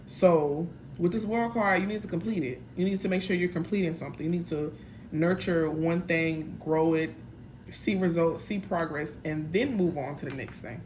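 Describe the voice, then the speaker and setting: A woman's voice: on the low side, moderate pace, darkish tone, slight background noise. A woman doing a casual tarot reading, chatty and blunt, talking straight to her viewers. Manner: chatty, blunt, lots of "y'all" and "like". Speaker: tarot reader.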